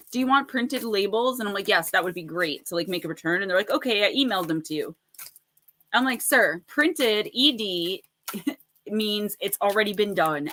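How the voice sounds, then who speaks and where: A woman's voice: medium pitch, pushed and bright, a little hiss or hum. A woman hosting a casual livestream of oracle card readings, chatty and rambling, laughing often and greeting viewers by name.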